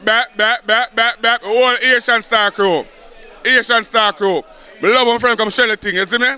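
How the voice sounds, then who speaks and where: A man with a Jamaican accent giving energetic shout-outs to a party crew. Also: very high-pitched, normal speed, some chatter behind.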